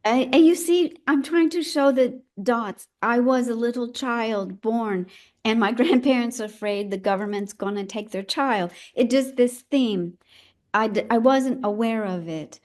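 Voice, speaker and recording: An older woman, an elder midwife, telling her own story in a conversation, reflective and halting as she searches for her words. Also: fairly high pitch, darkish tone.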